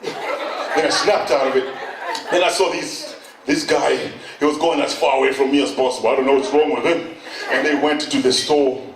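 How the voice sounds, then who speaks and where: A middle-aged Kenyan man doing stand-up storytelling, animated, acting out voices and bursting into shouts. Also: mid-range voice, normal speed, recorded from a distance. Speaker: stand-up comedian. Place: event hall on stage. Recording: echoey hall, mic from afar, noisy.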